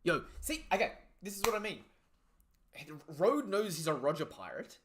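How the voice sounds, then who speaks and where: A man giving excited, profanity-laden live commentary while reading through a comic chapter and chatting to viewers. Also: high-pitched, moderate pace, background noise. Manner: excitable, swears freely; reads the panels aloud as he goes. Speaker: live reaction streamer. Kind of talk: casual live reaction commentary.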